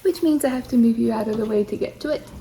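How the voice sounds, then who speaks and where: A woman's voice: fairly high pitch, fast, noisy background. A middle-aged woman chatting through a cooking demonstration in her home kitchen, explaining each step as she goes. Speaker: home cook demonstrating a recipe. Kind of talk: casual cooking tutorial.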